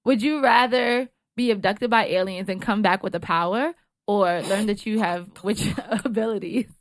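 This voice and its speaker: A woman with a middle-pitched voice teases her friends and reads out questions on a podcast. Her voice sounds close and dry. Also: moderate pace, no echo. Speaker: podcast co-host. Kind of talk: casual group chat.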